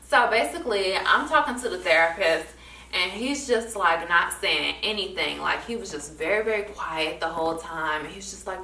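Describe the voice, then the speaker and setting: A woman's voice: lowish voice, normal speed, a little hiss or hum. A young woman vlogger telling a story in a casual chat, acting out the people she quotes. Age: young adult. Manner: animated, acts out quoted people in different voices. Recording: echoey room, voice from a distance.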